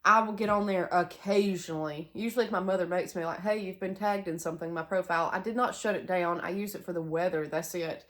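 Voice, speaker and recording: A woman's voice: fairly low pitch, fast, hardly any pauses, a bit bright. Young woman, Southern US accent, casual home vlog, rambling chatty delivery. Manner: rambling and chatty, with asides and laughs. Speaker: homestead vlogger. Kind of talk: casual chat to camera. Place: sunroom bedroom in a house.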